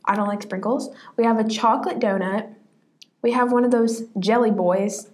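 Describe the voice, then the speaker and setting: A woman's voice: a little high, fairly even intonation, normal speed, darkish tone. A young woman co-hosting a podcast, chatting casually, giggling and acting out quotes. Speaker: podcast co-host. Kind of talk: casual chat.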